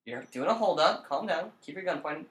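A man's voice: a little high, animated, brisk, a bit bright. A young man co-hosting a casual gaming podcast, teasing and daring his friend with lots of swearing. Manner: taunting, profane, keeps daring his friend. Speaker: podcast co-host. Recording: roomy echo.

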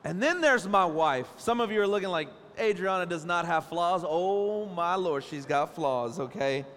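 Speaking at normal speed in a high voice, this thirty-something pastor jokes around and tells animated stories about his family during a sermon from the church stage. Church hall reverb colors the sound.

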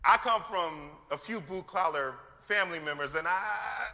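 This pastor delivers his sermon at a normal speed, with a creaky edge to a voice that is otherwise high, bright and forceful. Bursts of lively slang and acted-out scenes echo through the long reverb of a big church hall.

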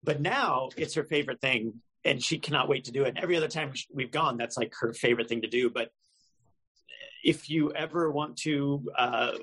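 A man in casual podcast chat, telling a self-mocking story with a gravelly voice. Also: mid-range voice, a little fast, fairly bright tone, poor audio.

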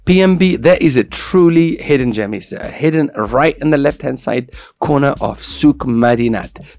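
A man's voice: mid-range voice, moderate pace, darkish tone. A man hosting a radio show in casual, joking chat, with playful banter and repeated catchphrases.

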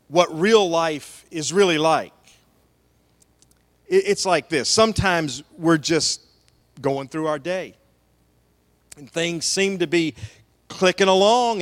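High-voiced pastor preaching in a reverberant hall. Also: male voice, a bit bright. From American South. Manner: storytelling with folksy asides. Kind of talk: sermon. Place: church sanctuary. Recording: long church hall reverb.

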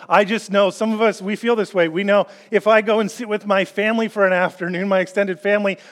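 A middle-aged man preaching a sermon, telling a personal story in an animated, joking way. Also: sits high. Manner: storytelling, animated and jokey, rising when quoting. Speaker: pastor.

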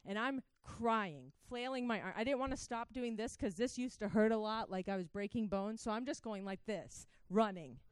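A woman's voice: medium pitch, normal speed, hardly any pauses, clean tone, dry recording, studio quality. A woman preaching a sermon, telling her own testimony with fervent, direct appeals to the listeners. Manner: impassioned, talks straight to the crowd.

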